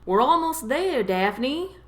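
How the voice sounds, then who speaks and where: A woman's voice: a little high, big pitch swings, a little slow, fairly bright tone. A woman voicing a cheerful, adventurous young man in an audiobook reading. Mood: calling out. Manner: playful, laughing.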